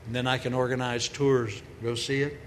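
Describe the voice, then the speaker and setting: A woman giving a humorous sermon in a large hall, telling stories in a lively way and acting out the voices she quotes. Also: extremely low pitch, moderate pace. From grew up on a farm. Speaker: speaker, preacher. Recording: long hall reverb, faint noise.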